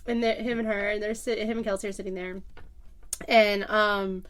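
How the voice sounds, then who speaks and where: A woman co-hosting a podcast, telling a story in casual chat, animated, acting out quotes and laughing often. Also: medium pitch, moderate pace. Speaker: podcast co-host.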